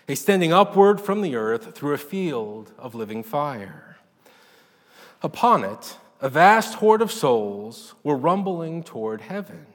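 A man narrates a short story with an animated, dramatic delivery, his voice fairly high and rising and falling widely. A long reverb trails after his words. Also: slow. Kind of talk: expressive story reading.

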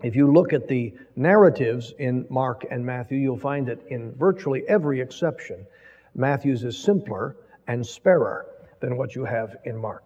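A man preaching an expository sermon, reading scripture in a measured, emphatic way. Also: medium pitch, warm tone, slightly rough. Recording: lo-fi, long reverb from a hall.

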